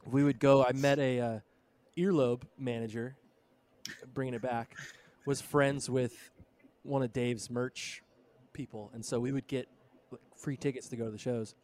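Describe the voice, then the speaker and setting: A man's voice: medium pitch, steady tone, unhurried, a little mellow. A man in his thirties, a podcast co-host, telling a road story in a casual, laid-back way with lots of "dude" and "bro". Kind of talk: casual chat.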